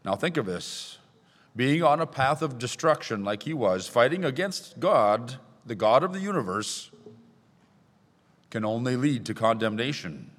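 A man's voice: medium pitch, lively intonation, measured pace, fairly bright tone. A man preaching a sermon in a church, reading scripture aloud with rising emphasis. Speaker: pastor. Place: church sanctuary. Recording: long hall reverb.

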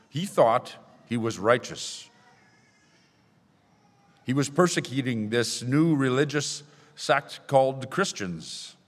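Male pastor preaching from the pulpit, emphatic scripture reading, long church reverb. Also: medium pitch. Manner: reads scripture aloud with rising emphasis. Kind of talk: sermon. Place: church sanctuary.

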